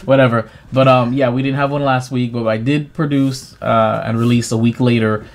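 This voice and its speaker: A man hosting a podcast in casual chat, laid-back and filling pauses with ums and uhs. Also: mid-range voice, fairly even intonation. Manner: laid-back, many fillers. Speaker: podcast host and producer.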